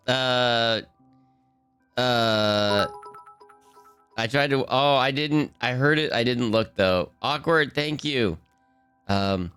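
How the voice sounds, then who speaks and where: A man's voice: medium pitch, slow, long pauses, fairly bright tone, smooth, dry recording, faint music behind. A man chatting casually with viewers on a live stream, laughing often, his voice a little worn from talking.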